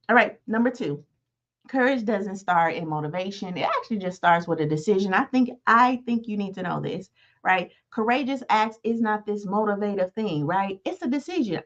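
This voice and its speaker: Woman, 30s, motivational host, chatty and repetitive, mid-pitched, slightly muffled lo-fi recording. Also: lively intonation, normal speed. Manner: conversational, repeats "right?" to the listener. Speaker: podcast host. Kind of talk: motivational talk.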